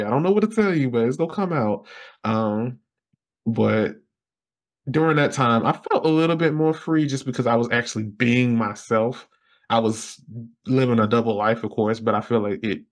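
A young man from Alabama, a podcast guest telling his story casually and acting out his younger self with lively exclamations. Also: moderate pace. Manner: animated, acts out his past self with high exclamations and laughs.

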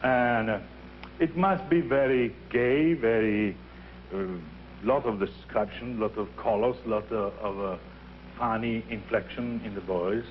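An older man with an Italian accent coaches young singers, his speech animated as he acts out little scenes and voices. The recording is dull and lo-fi, with a faint hiss behind him. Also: fairly low pitch, a little slow. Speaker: opera teacher leading a masterclass. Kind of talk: teaching and storytelling.

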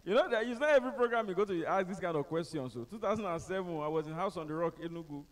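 Animated Nigerian motivational speaker. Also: male voice, sits high, racing, distant mic. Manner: animated, joking, acts out the people in his stories. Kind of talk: humorous storytelling to a live audience.

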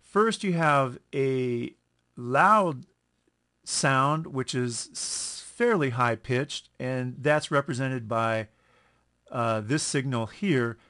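Guy teaching music rhythm, talks slow and explains step by step, counts beats out loud. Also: mid-range voice. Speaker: music instructor. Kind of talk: screen-recorded music lesson.

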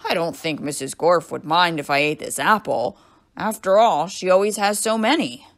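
A woman reading aloud, voicing a slow-witted male yard teacher who drawls his lines. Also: fairly low pitch, lively intonation. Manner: slow, drawn-out, loud. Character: slow, clueless man, school yard teacher.

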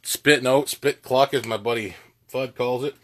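In a mid-range voice, steady and unhurried, a man gives a casual lesson on goose calling. He's plainspoken and folksy, filling his talk with plenty of filler words.

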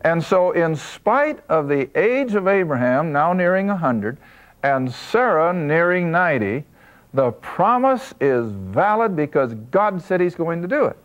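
A man leads a Bible study lesson in a fairly high voice, leaning hard on key words and slowing to drive points home. The recording sounds dull and lo-fi, like an older broadcast. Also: very animated. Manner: emphatic, slows down to stress key points. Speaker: Bible teacher.

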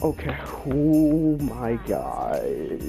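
A young man talks through a video game in a loose, swearing commentary, quick to get annoyed and jumping into loud bursts. His pitch swings wide from low mutters to yelps. Loud game music plays under his voice. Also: gravelly. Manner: swearing, easily annoyed, excitable outbursts. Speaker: gameplay commentator. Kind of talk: casual gaming commentary. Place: home room, over game audio.

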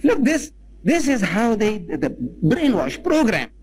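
A man telling a personal story in a lecture, animated and rhetorical, retelling conversations. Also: high-pitched, a little slow, breathy edge, rough recording. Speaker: public speaker.

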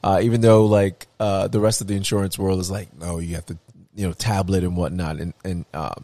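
A man's voice: deep voice, little pitch movement, fairly quick, warm tone, dry recording. A man in his thirties co-hosting a podcast, telling stories in casual chat and mimicking people in raised voices. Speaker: podcast co-host.

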